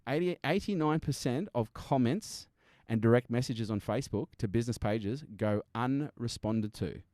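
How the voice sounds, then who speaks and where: A man with a medium-pitched, warm voice speaks at a moderate pace as a guest business strategist on an energetic podcast. He's emphatic and blunt, swearing occasionally and acting out customers to make his points, recorded cleanly in a studio with no echo.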